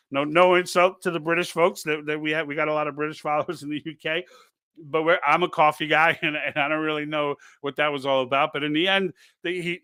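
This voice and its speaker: A man's voice: a little high, pushed and bright. A man hosting a live political stream, talking off the cuff in an urging, conversational way with frequent restarts and asides. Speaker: political livestream host. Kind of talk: unscripted live commentary.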